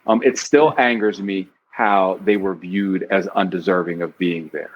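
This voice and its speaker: Earnest man guesting on a podcast, lowish voice, lo-fi audio. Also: steady tone, a little slow, a little hiss or hum. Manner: earnest, reflective, quotes from the book. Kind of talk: casual podcast discussion.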